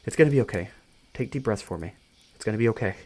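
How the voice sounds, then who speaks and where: A calm young man speaks softly and reassuringly, talking someone down from a panic, read by a man in his own low voice. The delivery is steady and kind. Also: fast talker. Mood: soothing. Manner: soothing, reassuring. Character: calm, gentle young man comforting a friend.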